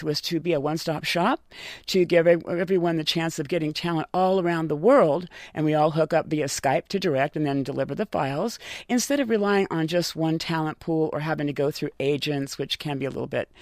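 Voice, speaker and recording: A woman voice actor chatting in an interview, telling lively stories with frequent laughs. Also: low voice, no room sound, studio quality. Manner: lively anecdotal storytelling with laughs. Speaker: voice actor guest. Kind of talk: casual interview chat.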